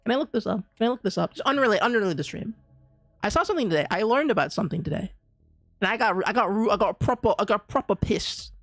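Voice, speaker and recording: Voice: mid-range voice, expressive, fast, fairly bright tone, no echo. A streamer chatting casually during a live game, ranting with lots of restarts and slang. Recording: dry close mic with faint game music.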